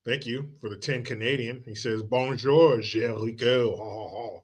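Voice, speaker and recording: Bright-voiced male live-stream host. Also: mid-range voice, fairly quick, husky. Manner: loose and joking, reads chat aloud, drops into movie quotes; profane, sarcastic. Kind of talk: casual live-stream commentary.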